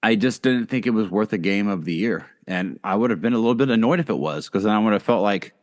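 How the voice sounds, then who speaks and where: Man, somewhat low pitch, podcast co-host, casual chat, filler-heavy rambling. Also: fast. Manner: rambling, many fillers and restarts.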